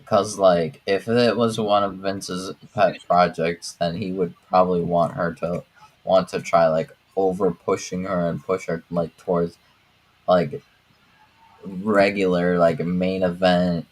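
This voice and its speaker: A man's voice: low-pitched, fairly even intonation, slow pace, poor audio. A man co-hosting a wrestling watch-along podcast, talking casually and hesitantly with many fillers and restarts. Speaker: podcast co-host.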